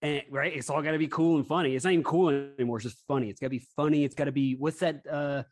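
A man's voice: a little high, fairly even intonation, fast, darkish tone. A man in casual podcast chat, rambling and restarting his sentences. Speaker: podcast guest.

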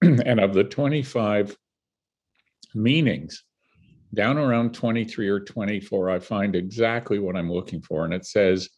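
A man's voice: on the low side, a little slow, slightly rough. An older man from Canada, a guest telling vivid stories in conversation and laughing between them. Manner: animated, vivid storyteller who laughs between anecdotes. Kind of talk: storytelling in conversation.

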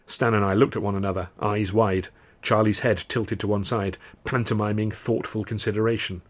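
A man reading his own novel aloud as audiobook narration, with a steady, wry storytelling manner. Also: on the low side, normal speed.

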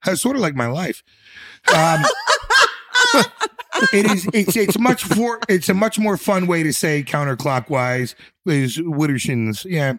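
Playful, fairly high-voiced male co-host. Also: animated, measured pace. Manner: playful and jokey, stumbles over words. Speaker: show co-host. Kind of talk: casual radio show chat.

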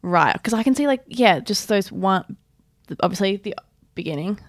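A woman's voice: mid-range voice, animated, moderate pace, dry recording, studio quality. A woman co-hosting a podcast, chatting casually and easily. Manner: easygoing, short agreeing replies. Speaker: podcast co-host. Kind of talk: casual chat.

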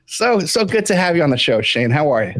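A man's voice: a little high, sing-song, a little fast, fairly bright tone, no room sound. A man hosting a podcast, talking casually with many fillers and restarts. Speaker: podcast host. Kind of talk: casual interview.

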